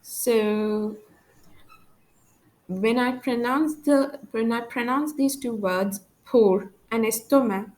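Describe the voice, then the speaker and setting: A woman's voice: fairly high pitch, poor audio. A woman teaching a language lesson, saying example words carefully and then explaining them in English.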